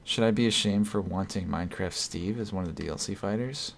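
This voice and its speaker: Gravelly low-voiced male streamer. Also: brisk, slight background noise. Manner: rambling, self-correcting, chuckles often. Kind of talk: casual live-stream chat, reading viewer comments.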